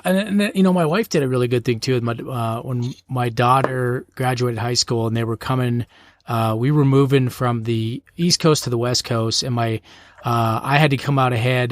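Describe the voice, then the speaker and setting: Middle-aged dude chatting easy on a podcast, lots of ums, dry mic. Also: male voice, mid-range voice, no room sound. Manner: relaxed, chatty storyteller with fillers. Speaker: podcast co-host. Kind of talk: casual chat.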